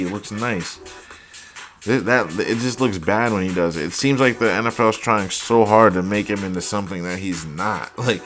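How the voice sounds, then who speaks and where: A young man hosting a casual football highlights reaction, exasperated and profane, saying "like" constantly. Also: fairly bright tone. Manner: exasperated, profane, heavy use of "like". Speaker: host.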